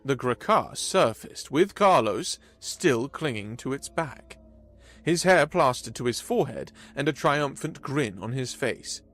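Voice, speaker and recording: A man giving an expressive scripted narration of a sci-fi story. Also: medium pitch, a little slow.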